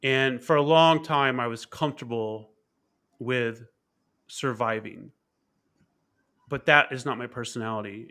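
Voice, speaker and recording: Bright-voiced man telling a personal story. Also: medium pitch. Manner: candid and reflective, frequent repeated words and fillers. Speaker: keynote speaker and author being interviewed.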